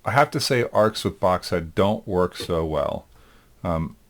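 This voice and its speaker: A male instructor with a deep, low voice walks through a software demo in a recorded lecture. He thinks aloud in an easygoing way. He often pauses on "um" as he works. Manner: thinks aloud, relaxed, with frequent ums. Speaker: animation instructor.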